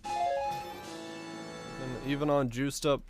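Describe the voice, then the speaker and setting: A man with a hoarse, raspy voice chatting offhandedly and joking while streaming a game. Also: mid-range voice, level tone, extremely slow, loud music behind the voice. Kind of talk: casual gaming stream chat.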